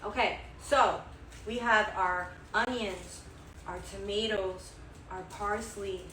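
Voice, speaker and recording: A woman's voice: medium pitch, steady tone, slow, sharp tone, slight background noise. A woman hosting her own cooking vlog, chatty and enthusiastic, repeating herself as she cooks and tastes. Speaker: home cook, channel host. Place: home kitchen. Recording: echoey kitchen, mic at a distance.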